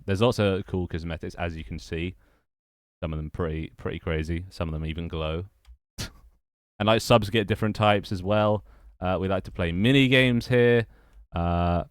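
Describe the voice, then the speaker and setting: A man's voice: deep voice, no room sound, studio quality. A young man chatting casually on a livestream, rambling and repeating his phrases as he greets viewers. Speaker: streamer and game developer.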